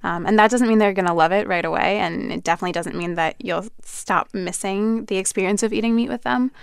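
A woman's voice: mid-range voice, fast talker, gravelly, clear, resonant tone, dry recording, studio quality. A woman co-hosting a radio podcast, explaining things in a friendly, conversational way. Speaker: podcast co-host. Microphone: studio mic.

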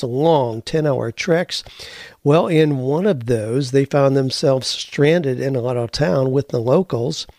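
A middle-aged man hosting a show, telling stories in a folksy, animated way. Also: medium pitch, no echo, studio quality. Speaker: podcast host. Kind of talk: casual storytelling.

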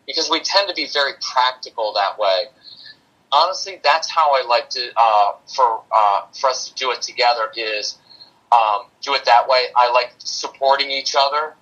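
A man's voice: medium pitch, lively intonation, normal speed, bright, forceful tone, breathy edge, lo-fi sound. A man talking as a parenting coach and podcast guest, practical and plain-spoken, with a dry sarcastic streak and a habit of explaining through analogies. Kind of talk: casual podcast conversation.

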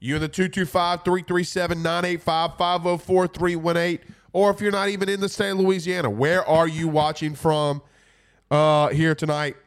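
Congested guy hosting a sports show, kinda rambly, voice on the higher side. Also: flat delivery, normal speed. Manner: laid-back, rambling with fillers. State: congested from a cold. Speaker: podcast host. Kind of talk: casual sports talk, reading viewer comments.

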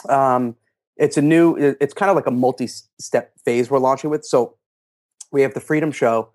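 A middle-aged man, a guest in a casual interview, telling animated stories and acting out quotes in a raised voice. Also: mid-range voice, moderate pace. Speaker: interview guest, fitness marketer.

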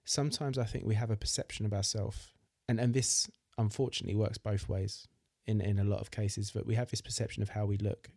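A man's voice: fairly low pitch, flat delivery, a little fast, vocal fry, few pauses, darkish tone, no room sound, clean studio sound. A man hosting a podcast, talking supportively with his guest and repeating words as he gathers his thoughts. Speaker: podcast host. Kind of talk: casual interview chat.

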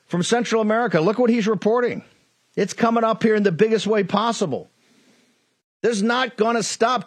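Fiery high-voiced man ranting. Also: breathy edge, dry recording. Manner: fiery, ranting, repetitive accusations. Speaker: host. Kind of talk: political talk show monologue.

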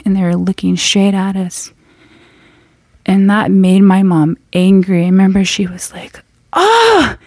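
A young woman from the Navajo Nation telling a true scary story from her own life. She halts and restarts as she builds suspense, and often drops to a hushed whisper at the tense moments. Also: mid-range voice, little pitch movement, measured pace, no room sound, clean studio sound. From Navajo Nation, US Southwest. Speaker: guest storyteller.

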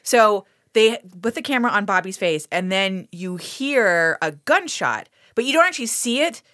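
A woman's voice: expressive, moderate pace, bright, forceful tone, dry recording, studio quality. A woman co-hosting a comedy podcast, recapping a film in casual, profane chat and laughing often. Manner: profane, giggly storytelling; acts out characters in squeaky voices. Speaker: podcast co-host.

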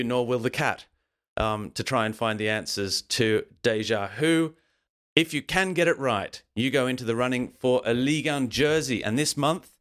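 A man hosting a football podcast in a playful, jokey, promotional way. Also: mid-range voice. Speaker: podcast host.

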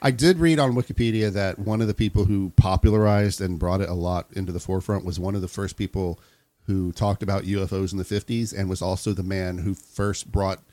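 A man's voice: low voice, steady tone, brisk, warm tone, dry recording. A man hosting a comedy podcast, reading a story aloud to his co-hosts and breaking off to joke with them. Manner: reads the story then jokes along. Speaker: podcast host.

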